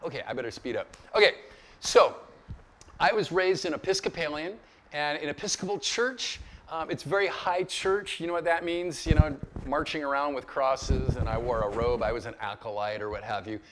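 Fairly high-pitched and bright, this man's voice moves at a moderate pace, with a bit of hiss or hum in the recording. He's a pastor in his fifties leading a relaxed Bible lecture for a group, telling stories and chuckling through asides.

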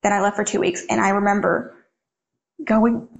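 A woman's voice: medium pitch, little pitch movement, moderate pace, vocal fry, a little hiss or hum. An eighteen-year-old woman, an interview guest, telling her own story frankly and conversationally, with plenty of "like" in her speech. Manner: frank, conversational, heavy use of "like". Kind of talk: candid personal storytelling.

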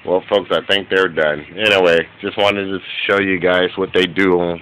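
A man filming his dogs at home on a handheld camera, giving an excited, laughing, profane running commentary that turns quieter near the end. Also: moderate pace, a little hiss or hum, rough recording. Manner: quieter and lower toward the end. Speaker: dog owner filming his pets. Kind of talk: casual home video commentary. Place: room in a home with a bed.

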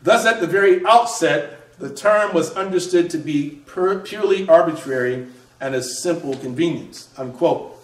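A man reading aloud from his own book, measured, pausing to restart phrases and add asides. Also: on the high side, reverberant, far from the mic, low-quality recording.

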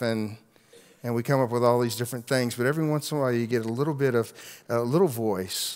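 A man's voice: medium pitch, steady tone, fairly quick, clear, resonant tone. Middle-aged man preaching in a reverberant hall. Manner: storytelling preacher, swings from loud emphatic peaks to hushed asides. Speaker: pastor. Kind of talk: sermon.

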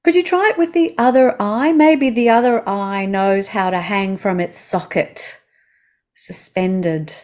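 A woman with an Australian accent guiding a slow body-awareness lesson, speaking soothingly and asking the listener gentle questions. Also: mid-range voice. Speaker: movement instructor.

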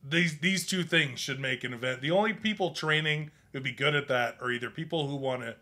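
A man's voice: on the high side, brisk, sharp tone. A man co-hosting a casual comedy chat show, playful and joking, laughing often. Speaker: co-host.

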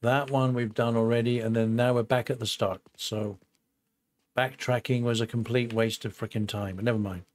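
An older man with a mid-range voice talks through his gameplay in a relaxed, rambling way. He thinks aloud, breaks off mid-sentence, and keeps turning to his viewers. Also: mid-range voice, moderate pace. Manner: chatty, thinks aloud with fillers and asides to viewers. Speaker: gameplay host. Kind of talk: casual let's-play commentary.

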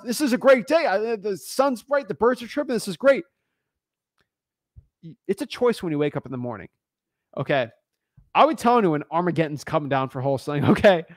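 A man hosting a live stream in a blunt, emphatic, slangy manner. His voice sits a bit high for a man. The sound is close and completely dry. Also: dry recording. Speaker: host.

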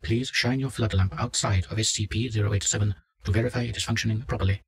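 A calm doctor on comms, clinical, husky lowish voice. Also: male voice. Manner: measured, clinical. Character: calm male research doctor at control. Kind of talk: audio drama reading.

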